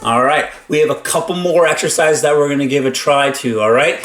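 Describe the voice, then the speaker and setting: A man gives an upbeat instrument lesson on string bowing exercises, talking between demonstrations and counting aloud as he plays. His voice is a little high, a bit bright and brisk. The room is echoey, with violin playing and faint music in the background.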